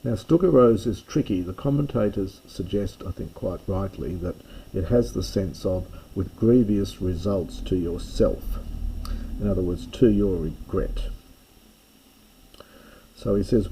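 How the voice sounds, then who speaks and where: A man teaching a slow line-by-line reading of ancient Greek, stopping with fillers and stressing each translation. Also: low-pitched, creaky, warm tone, husky, poor audio. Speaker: classics teacher reading Homer.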